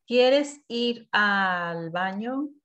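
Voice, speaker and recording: A woman's voice: medium pitch, expressive, extremely slow, fairly bright tone, muffled recording. A Spanish teacher from Colombia, a woman with a Colombian accent, leading short repeat-after-me drills over a video call. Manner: leads repetition drills, short phrases.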